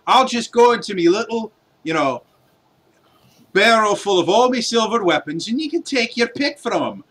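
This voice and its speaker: A gruff dwarven blacksmith, as a man puts him on, dripping sarcasm through a thick, heavy accent. His voice jumps well above the performer's own, with a bright, forceful edge. He sounds exasperated, as if every request costs him money. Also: mid-range voice, animated, slow pace, pitched above the performer's own voice, full character voice. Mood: sarcastic. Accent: put-on thick accent.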